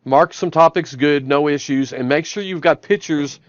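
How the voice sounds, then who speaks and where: A man's voice: fairly high pitch, moderate pace, no room sound, lo-fi sound. A man training viewers on a shop tablet app in a live stream, talking through each action step by step from his office. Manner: step-by-step, repeats "I'm gonna" before each action. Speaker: software trainer. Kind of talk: live-stream product demo.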